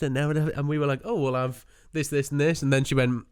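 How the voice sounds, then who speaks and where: A man's voice: on the high side, brisk, few pauses, clean tone. A young man, rambling through a story in casual podcast chat, swearing and mimicking people. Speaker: podcast co-host.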